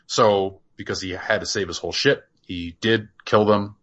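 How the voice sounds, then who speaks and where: A man's voice: on the low side, fairly even intonation, normal speed, a bit bright, dull audio. A man co-hosting a podcast, chatting casually and rambling through plot explanations with many restarts. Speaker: podcast co-host. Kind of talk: casual review chat.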